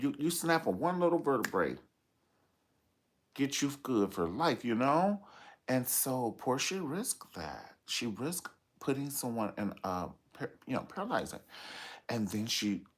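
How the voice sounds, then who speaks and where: Sassy deep-voiced man dishing gossip. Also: breathy edge. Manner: sassy, dramatic storytelling with playful asides. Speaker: celebrity gossip commentator. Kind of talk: reality TV gossip commentary.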